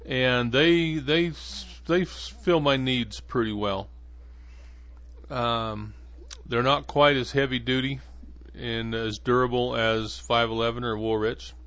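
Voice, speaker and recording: Guy rambling on his podcast, lots of ums, mid-pitched voice, kinda muffled lo-fi audio. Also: steady tone, slow, a bit bright. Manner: rambling, with many fillers and restarts. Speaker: podcast host. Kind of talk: casual monologue. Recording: dull lo-fi dry sound.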